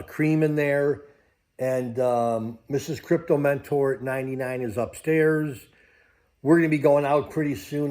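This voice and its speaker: The older crypto vlogger's voice here is a little high and a little mellow. In this casual travel vlog he talks to viewers in a wandering way, repeatedly losing track of what he was saying.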